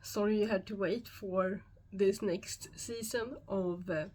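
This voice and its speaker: A woman with a Swedish accent, a YouTube host talking alone to camera, calm and measured, often pausing. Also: medium pitch. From Sweden. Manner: calm, measured explaining with frequent pauses. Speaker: YouTube host and shamanic practitioner. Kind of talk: solo explanatory talk to camera.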